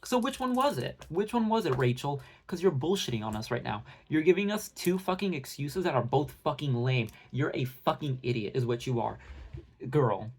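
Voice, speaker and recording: Give me a young man with a higher voice doing a heated, profane rant. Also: expressive, darkish tone, slightly rough. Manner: fast bursts of talk with many fillers. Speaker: commentary channel host. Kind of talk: heated casual rant to viewers.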